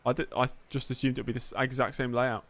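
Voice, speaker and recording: A man's voice: mid-range voice, little pitch movement, fast, fairly bright tone. Chatty man streaming a racing game. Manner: chatty, joking, answers chat messages. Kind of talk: live gameplay commentary.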